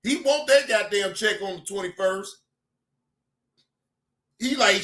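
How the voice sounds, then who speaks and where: A man hosting a reaction channel, excitable and profane, laughing often as he comments. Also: high-pitched, takes it slowly, roomy sound.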